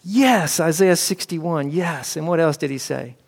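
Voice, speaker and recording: Guy doing an imprisoned prophet, gravelly and a bit high, grilling his disciples in an echoey hall. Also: normal speed. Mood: eager, insistent. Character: John the Baptist, imprisoned prophet, eager and probing.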